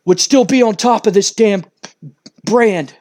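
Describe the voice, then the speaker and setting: A man's voice: high-pitched, measured pace, darkish tone. A man voicing an arrogant male wrestling champion who blusters and swears. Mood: indignant. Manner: blustering, cursing.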